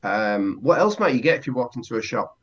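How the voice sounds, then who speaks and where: A man's voice: medium pitch, big pitch swings, fairly quick, fairly bright tone, highs cut off. A man co-hosting a casual podcast lesson as the learner, curious and hesitant, often restarting sentences. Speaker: co-host and learner.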